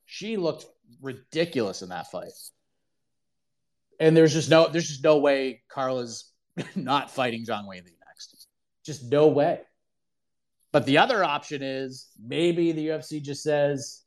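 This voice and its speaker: A man hosting a casual sports talk call-in show, opinionated and emphatic, often repeating himself for emphasis. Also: fairly high pitch. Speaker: podcast host answering callers.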